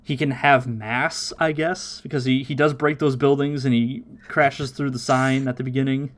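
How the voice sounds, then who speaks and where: A man hosting a casual watchalong podcast, recapping episodes with lively, chatty energy. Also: medium pitch. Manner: animated recapping with quick put-on quotes and laughs. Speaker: podcast host.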